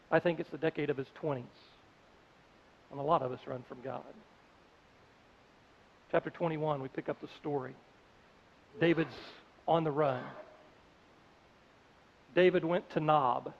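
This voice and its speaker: A man preaching a sermon as pastor, telling a story in a conversational way and acting out its characters. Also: high-pitched. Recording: dull audio with long hall reverb.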